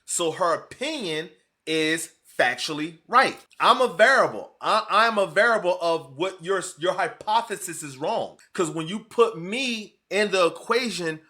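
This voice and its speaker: A man giving emphatic reaction commentary on clips, preaching his point with loud bursts and low asides. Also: expressive, measured pace.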